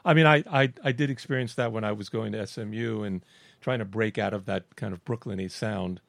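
A man from Miami hosting an interview, asking questions in a hesitant, halting way with ums and restarts. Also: fairly low pitch, fairly even intonation, gravelly, a bit bright, dry recording. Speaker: interview host. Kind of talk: casual interview chat.

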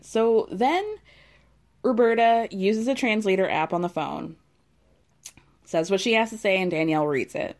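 A woman giving casual, animated commentary on a reality show, sassy and quick to exclaim. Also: medium pitch. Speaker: reality TV recap host.

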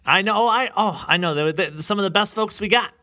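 A man's voice: high-pitched, fairly quick, sharp tone. A man hosting a podcast in casual chat, laughing often as he talks. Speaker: podcast host.

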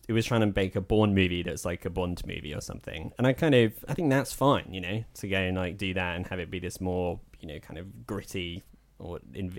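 A man with a British accent and a slight American twang, co-hosting a podcast in a laid-back, hedging casual chat with dry humor. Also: deep voice. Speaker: podcast co-host.

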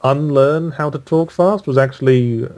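A man from the United Kingdom, an author speaking as a guest in a casual interview, dry and self-deprecating, speaking in quick bursts. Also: mid-range voice, darkish tone.

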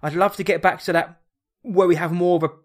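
Casting: male co-host, eager casual reviewer, a touch higher pitched. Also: steady tone, brisk. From Essex, England. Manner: enthusiastic, reviewing an episode. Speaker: podcast co-host. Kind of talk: casual chat.

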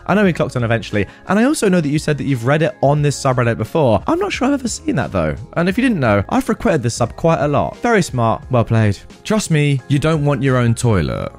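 Wry, animated male story narrator. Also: medium pitch. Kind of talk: reading online stories with commentary.

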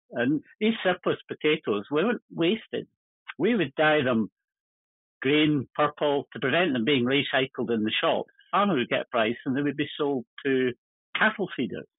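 An older man appearing as a guest tells chuckling, rambling stories about his working life in casual conversation. His mid-range voice is husky, and the dry recording has a tinny, phone-line sound.

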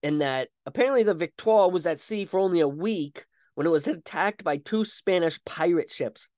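A male podcast host with a fairly high voice tells a history story in a loose, conversational way, full of asides and "you know"s. He is recorded close on a microphone, and the sound is dry with no room around it. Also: animated, moderate pace, a little mellow, no room sound. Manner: chatty, with frequent asides and fillers. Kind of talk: casual storytelling about history.

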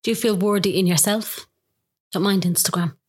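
A woman hosting the conversation and asking gentle, probing questions. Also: mid-range voice, steady tone, normal speed, breathy edge. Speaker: host. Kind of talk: casual interview chat.

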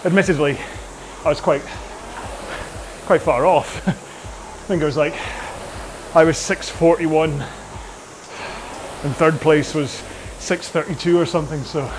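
A man's voice: a little high, steady tone, slow, long pauses, background noise. Rambling rowing coach, man. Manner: chatty, rambling, self-mocking. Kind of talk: workout coaching while rowing.

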